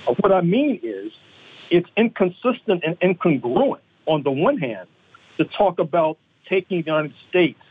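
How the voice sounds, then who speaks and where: Male radio guest, husky, animated delivery, tinny phone-line sound, emphatic and pointed. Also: on the high side. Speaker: guest analyst.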